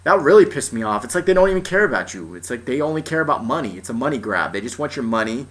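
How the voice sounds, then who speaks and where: A man's voice: medium pitch, big pitch swings, fast talker, a bit bright. A young man telling a personal story as an exasperated, profane rant, often restarting his sentences. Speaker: vlogger.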